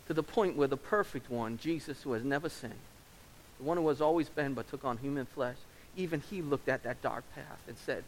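A male pastor delivers an earnest, emotional sermon in a church, pleading with his listeners in a voice of ordinary middle pitch. A faint hiss runs under the recording. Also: a little fast, rough recording. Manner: earnest, pleading altar call.

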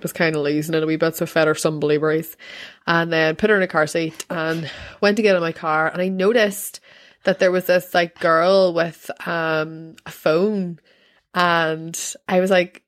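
A woman's voice: low voice, steady tone, measured pace. A woman who is a mother of a toddler, telling a story in casual chat. She talks in a rambling, filler-heavy way and laughs often. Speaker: podcast co-host, mother of a toddler.

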